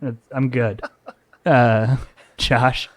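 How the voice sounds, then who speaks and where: A man's voice: medium pitch, steady tone, extremely slow, dry recording. A man co-hosting a movie podcast in casual chat, loose and swearing, laughing between remarks. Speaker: podcast co-host.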